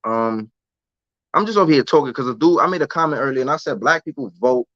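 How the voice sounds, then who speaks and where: A man's voice: mid-range voice, expressive, fast, fairly bright tone, no room sound. A young American man in a casual live-stream rant, talking loose street slang and repeating himself. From United States. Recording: dull lo-fi dry sound.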